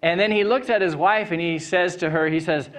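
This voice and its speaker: A man's voice: high-pitched, fairly quick, a bit bright. A man preaching an Easter sermon as a pastor, chatty and upbeat, telling a personal story with laughter on stage before a congregation.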